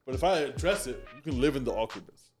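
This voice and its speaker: A man co-hosting a podcast in casual chat, relaxed and giving advice, swearing freely. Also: medium pitch, fast talker, faint music behind. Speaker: podcast co-host.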